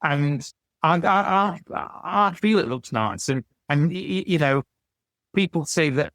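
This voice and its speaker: A man in his sixties chats as a podcast guest, telling long stories that loop and restart. His voice sits a touch high, and it is recorded very dry with no room sound. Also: measured pace, a bit bright, no echo. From England. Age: 60s. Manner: rambling anecdotal, frequent stammered restarts. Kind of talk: casual storytelling chat.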